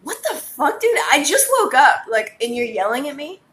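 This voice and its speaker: A woman guest in casual chat, blunt and animated, swearing freely as she tells stories. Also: high-pitched, moderate pace. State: buzzing on caffeine. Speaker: podcast guest. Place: New York.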